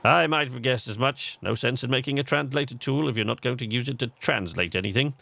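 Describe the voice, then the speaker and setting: A man's voice: mid-range voice, brisk, gravelly, no echo. A man putting on an upbeat English alien astronomer. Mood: encouraging. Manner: warm, encouraging, chatty. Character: cheerful male alien astronomer, friendly mentor.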